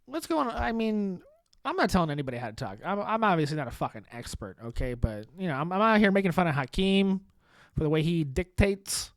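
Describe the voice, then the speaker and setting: A man with a slightly high voice riffs alone on his podcast, sarcastic and deadpan, tripping over restarts and swearing freely. The mic sits close and the sound is dry, with no room around him. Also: a little fast, no echo. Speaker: podcast host. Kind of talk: sarcastic solo comedy podcast monologue.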